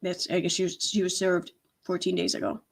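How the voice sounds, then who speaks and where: A woman's voice: on the low side, completely flat delivery, a little fast, creaky, husky. A woman hosting a casual livestream, chatting and reacting with sarcastic, laughing commentary. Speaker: commentary channel host.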